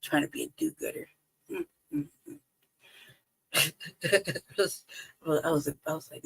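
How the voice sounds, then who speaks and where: A woman's voice: lowish voice, big pitch swings, takes it slowly, vocal fry, pauses often, breathy edge, no echo, rough recording. A woman hosting a livestream, giving profane, sarcastic casual commentary full of laughter and rhetorical questions. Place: home livestream.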